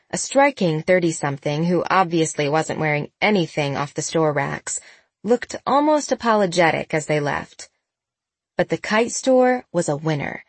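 A woman narrates a novel in a lower register with an even storytelling manner. The recording is dry and close-miked, with no room sound. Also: no echo. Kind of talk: audiobook narration.

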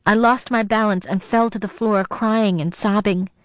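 A woman's voice: mid-range voice, fairly even intonation, moderate pace, no echo. Woman narrating a tense audiobook. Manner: tense, dramatic storytelling. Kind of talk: first-person audiobook narration.

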